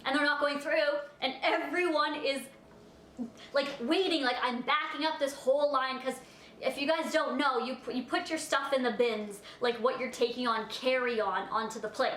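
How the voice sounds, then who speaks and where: Woman vlogger, high voice, chatty and animated storyteller, echoey room sound. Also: moderate pace, a little hiss or hum. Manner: chatty, rambling, full of "like" fillers; animated, acts out her own reactions. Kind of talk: storytime vlog.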